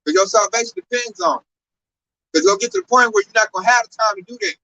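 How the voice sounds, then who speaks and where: A man preaching on a downtown street in an animated, slangy, exclamatory way. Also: very high-pitched, quick pace, vocal fry, far from the mic, slight background noise, rough recording.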